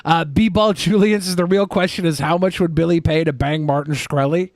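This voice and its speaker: A male podcast co-host reads out viewer donations and tosses off jokes between them. His voice sits a little high for a man and sounds dry and close to the mic. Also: fairly even intonation, normal speed, dry recording. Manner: offhand, joking. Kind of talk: reading donation messages on stream.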